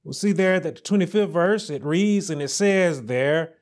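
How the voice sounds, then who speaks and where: A man preaching a sermon as pastor, slowly and emphatically, repeating key phrases and rising on scripture. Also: fairly high pitch.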